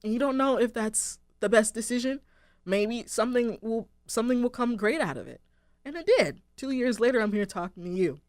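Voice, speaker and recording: A woman's voice: on the high side, lively intonation, brisk, a little mellow, dry recording. Young woman host, reflective solo talk, earnest and rambling, dry close mic. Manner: earnest, rambling, heavy use of "like" and "um". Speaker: radio show host. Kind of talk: reflective casual monologue.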